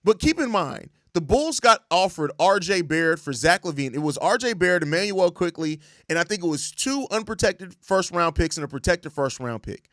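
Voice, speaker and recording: A man's voice: high-pitched, expressive, moderate pace, hardly any pauses, fairly bright tone, dry recording, studio quality. A young man hosting a sports show, ranting in exasperated, profane casual commentary and repeating himself. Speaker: sports podcast host.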